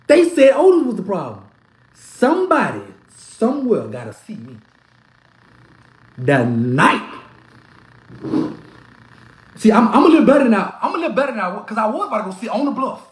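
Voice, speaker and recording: Brief: excitable, heckling sports fan gone hoarse; pitch leaps all over, echoey room. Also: normal speed, long pauses. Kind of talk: trash-talking reaction rant.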